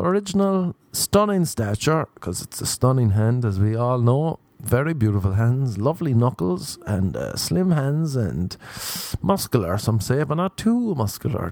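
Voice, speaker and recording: A young man with an Irish accent spins a crude, rambling story in a deadpan delivery. His voice sits on the low side and sounds dry and close, with little room around it. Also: no room sound. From Ireland. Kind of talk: storytelling monologue.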